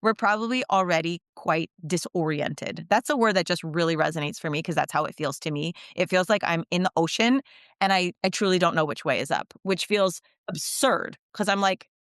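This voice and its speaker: Brief: woman, podcast coach guest, low-ish voice, reflective with easy laughs, dry and close. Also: dry recording. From United States. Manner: reflective, warm laughs, quick asides. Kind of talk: podcast conversation.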